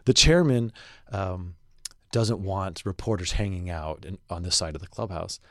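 A middle-aged man with a fairly low voice tells stories in a relaxed podcast chat. He is a golf reporter who jumps into anecdotes and tosses in quick asides. The sound is close and dry. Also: no echo.

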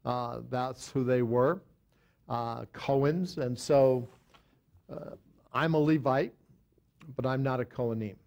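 Middle-aged guy teaching bible study, lots of uh's and restarts, mid-pitched voice, leans hard on the verses he reads out. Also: a little mellow. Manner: halting, many fillers and self-corrections, reads verses aloud with emphasis.

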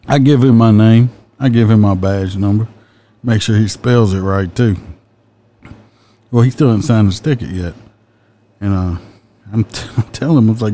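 A man, a police officer, tells his stories in a blunt, profane drawl. His voice sits low and mellow, and he keeps things casual. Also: normal speed, long pauses, slight background noise. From American South. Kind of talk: casual storytelling.

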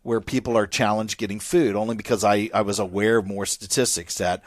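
Low-voiced man, animated podcast host. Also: a little fast, no echo, studio quality. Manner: animated, persuasive, repeats words. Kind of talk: conversational podcast chat.

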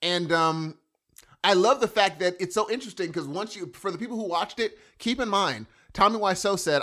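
A man co-hosting a podcast, talking casually and enthusiastically with frequent restarts. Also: sits high. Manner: animated, enthusiastic, quick bursts and restarts. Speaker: podcast co-host. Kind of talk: casual chat.

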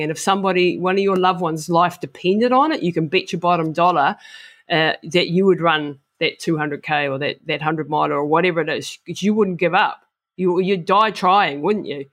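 A middle-aged woman with a New Zealand accent, a guest in an interview, telling frank, animated stories and acting out the voices in her head. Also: on the low side, moderate pace. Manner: animated, acts out inner voices, frank and earthy. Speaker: guest, ultra endurance athlete. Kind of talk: casual interview storytelling.

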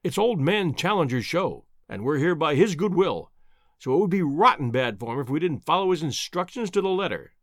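Man doing a hearty easygoing posh lord, lively up-and-down voice, dry close mic. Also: on the high side, moderate pace, no echo. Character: breezy upper-class English adventurer lord.

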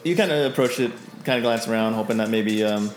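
Game master, male, low voice, rambling relaxed narration in a roomy space. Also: quick pace, slight background noise. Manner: loose, hesitant narration with many fillers.

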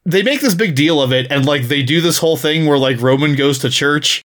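Guy on a podcast, kinda high voice, laughing and cursing through a plot recap. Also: a little fast. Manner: laughing, profane, animated storytelling. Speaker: podcast co-host. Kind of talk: casual chat, retelling a book's plot.

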